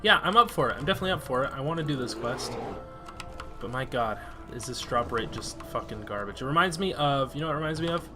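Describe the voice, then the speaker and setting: A man's voice: medium pitch, lively intonation, fast talker, over music. A man chatting casually over his gameplay as a let's-play host, easily exasperated and swearing freely. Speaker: gaming video host.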